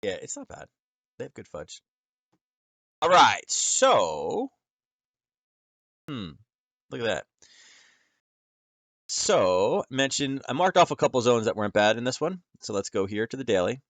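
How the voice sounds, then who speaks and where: This man speaks in a medium, sing-song voice at a measured pace with long pauses, his tone fairly bright and free of echo. He hosts an informal screen-share trading lesson, meandering through charts conversationally and often using fillers or correcting himself.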